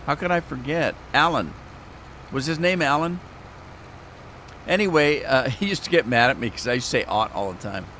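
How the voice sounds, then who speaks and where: A man's voice: mid-range voice, animated, moderate pace, pauses often, pushed and bright, a little hiss or hum. A man streaming a farming game, chatting casually and telling rambling stories with chuckles. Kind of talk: casual gameplay commentary.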